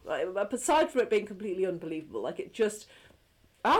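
Animated woman, swearing in casual chat. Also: mid-range voice, quick pace. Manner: animated, swears freely, laughs often. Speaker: podcast co-host. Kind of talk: casual chat reviewing a TV episode.

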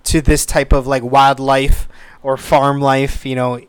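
A man in his thirties telling a story in a casual, animated way, swearing freely. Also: mid-range voice, a little slow, clear, resonant tone, no room sound. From United States. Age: 30s. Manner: animated, swears freely, acts out quoted voices.

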